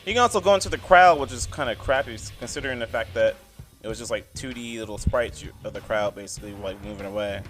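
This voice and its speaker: A man's voice: mid-range voice, fast, fairly bright tone, faint music behind. A man giving a casual video game review voice-over, rambling and blunt, padding his talk with "I mean" and "like". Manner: blunt and opinionated.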